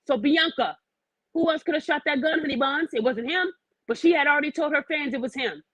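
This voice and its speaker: A woman's voice: high-pitched, fairly quick, fairly bright tone, no room sound, poor audio. A woman hosting a podcast, ranting bluntly and profanely and firing pointed questions at her audience. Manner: challenges the listener with pointed questions. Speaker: podcast host. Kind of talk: opinionated podcast rant.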